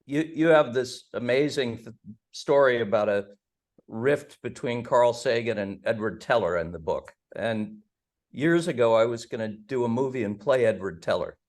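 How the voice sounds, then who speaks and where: A man's voice: medium pitch, moderate pace. A man hosting an interview on a video call, chatty and joking as he tells stories. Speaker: host.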